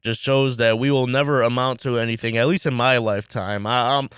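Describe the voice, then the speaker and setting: Dude on a sports pod, mid pitch, smooth clear voice, dry mic, kinda resigned and wry. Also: male voice, steady tone, a bit bright, dry recording. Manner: resigned, wry, halting with restarts. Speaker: podcast co-host. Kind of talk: casual sports chat.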